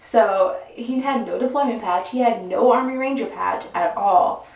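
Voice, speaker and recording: A woman's voice: mid-range voice, moderate pace, creaky, distant mic. Profane chatty young woman in echoey room. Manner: animated, profane, chatty storytelling. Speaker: vlogger. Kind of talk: casual storytime.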